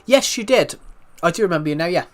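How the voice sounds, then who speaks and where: A British man streaming live and chatting with viewers, talking calmly with frequent restarts, his voice thick from being slightly ill. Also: high-pitched, quick pace. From United Kingdom. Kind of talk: casual live stream chat.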